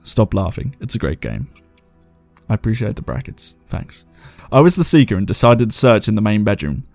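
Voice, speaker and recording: A man's voice: fairly low pitch, big pitch swings, a little fast, vocal fry, a little mellow, dry recording, soft background music. A man hosting a show, chatting loosely and reading viewer ghost stories aloud, laughing at himself as he goes. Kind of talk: casual commentary and reading aloud.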